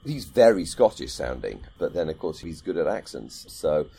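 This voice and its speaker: Man, very deep voice, mellow dark tone, podcast co-host, casual rambling chat, lots of restarts. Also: sing-song, moderate pace, creaky, husky.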